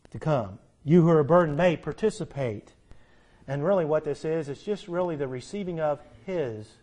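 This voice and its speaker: A man preaching a sermon to his congregation, earnest, swinging between hushed appeals and emphatic commands. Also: on the high side.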